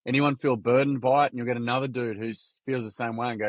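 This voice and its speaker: A young Australian man tells stories in a podcast interview, full of casual slang and quick re-enactments. His voice sits mid-range and dry, with little room sound. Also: mid-range voice, no room sound. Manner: animated, slangy, acts out quotes. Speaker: podcast guest, workshop founder.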